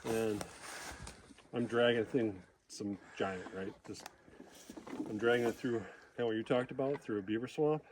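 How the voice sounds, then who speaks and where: A man outdoors in the woods telling a hunting story in a casual way. He is animated, acts out what people said, and chuckles as he goes. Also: mid-range voice, moderate pace, pauses often, slight background noise. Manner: animated, quotes people with small voice changes, chuckles.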